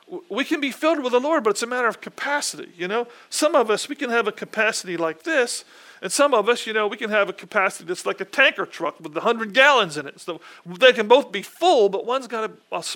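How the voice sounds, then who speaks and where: A man's voice: high voice, sharp tone. A man preaching a conversational sermon in an earnest way, often repeating his words and asking his listeners questions.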